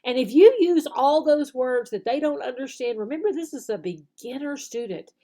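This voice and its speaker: A woman, an online English teacher explaining classroom techniques, often acting out slow, exaggerated example phrases and checking in with "okay?". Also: high voice, expressive, dark tone. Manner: demonstrates phrases slowly and exaggerated, tags "okay?". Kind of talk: instructional video talk.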